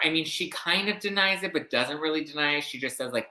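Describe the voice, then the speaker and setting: A man's voice: a little high, fast, hardly any pauses, bright, forceful tone, reverberant, rough recording. A man hosting a reality TV recap, telling the story in a chatty, catty way with plenty of swearing. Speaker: host.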